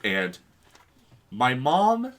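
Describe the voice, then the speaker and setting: A man's voice: mid-range voice, huge pitch swings, extremely slow, a bit bright. A man co-hosting a podcast, telling a story with lots of swearing and acted quotes in casual chat. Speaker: podcast co-host.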